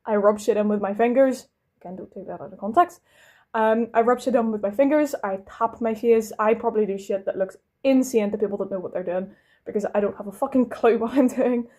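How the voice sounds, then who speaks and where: A woman's voice: fairly high pitch, a little fast, mellow. A young woman from London with a Northern Irish accent, chatting casually while she does her makeup, rambling, interrupting herself and swearing now and then. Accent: Northern Irish, Belfast. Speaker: vlogger.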